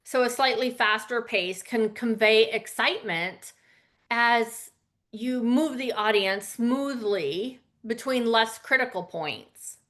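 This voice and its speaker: Woman, public speaking coach, conversational and informal, slightly high voice. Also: slow, a bit bright. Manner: conversational, frequent fillers and asides. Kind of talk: casual spoken lesson.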